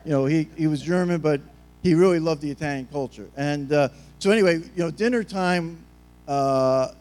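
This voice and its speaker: Chatty joking preacher man, slightly high voice. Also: normal speed, a little mellow. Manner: chatty, rambling, joking storyteller. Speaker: pastor. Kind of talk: sermon.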